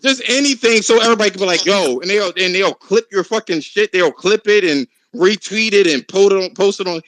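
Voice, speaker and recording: A man hosting a casual podcast chat, talking in an animated, profane, ranting way. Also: high voice, a little fast, hardly any pauses, no echo, poor audio.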